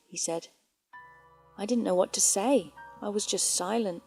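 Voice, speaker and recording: A woman reads true horror stories aloud in a calm, measured way. Her tone is mellow and warm at a middle pitch, with faint music playing softly underneath. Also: slightly rough. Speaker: horror story narrator. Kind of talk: reading scary stories aloud. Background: faint background music.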